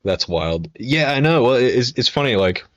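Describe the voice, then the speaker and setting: A man's voice: mid-range voice, animated, normal speed, no echo, dull audio. A man in his twenties chatting casually on a live stream, telling rambling, profane stories full of fillers and restarts. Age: 20s.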